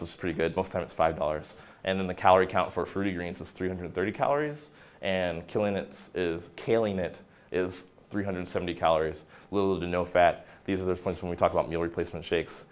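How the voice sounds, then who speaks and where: A man's voice: low-pitched, fairly even intonation, fast talker. A young man, a personal trainer, giving an informal wellness talk, joking and acting out quoted lines in silly voices. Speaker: fitness center personal trainer.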